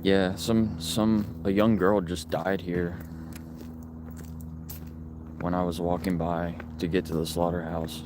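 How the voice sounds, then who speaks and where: Streamer, male, low voice, earnest street livestream on a phone, traffic rumbling behind. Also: flat delivery, takes it slowly, pauses often. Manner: earnest, talking while walking and filming. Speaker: animal rights activist livestreamer. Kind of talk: casual livestream talking to viewers. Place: outdoors on a residential street by traffic.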